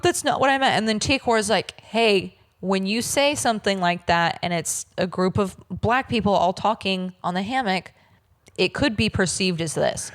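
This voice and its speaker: Woman cohost telling the story, does little dramatic voices, casual vibe. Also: mid-range voice. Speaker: podcast co-host. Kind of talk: casual chat recapping a reality show.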